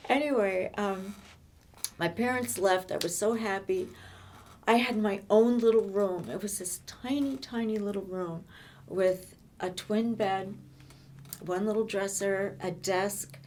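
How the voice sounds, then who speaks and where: An older woman telling her own life story in conversation, halting and often repeating words as she restarts. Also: medium pitch, a little mellow, slight background noise. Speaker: interviewee.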